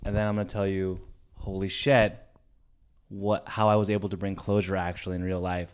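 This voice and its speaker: A young man co-hosting a comedy podcast, telling a personal story in a loud, animated way, swearing freely and dropping to a hush for the tender parts. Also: deep voice, fairly quick, smooth. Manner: animated, swears a lot, swings from loud to hushed. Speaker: podcast co-host.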